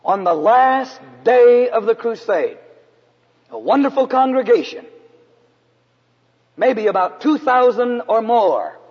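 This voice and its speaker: A man from San Antonio, Texas, preaching a storytelling sermon in an earnest way, sometimes dropping to a hush. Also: very high-pitched, animated, slow, pauses often, breathy edge. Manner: earnest narrative preaching, drops to hushed tones for emphasis. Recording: dull, echoey hall recording.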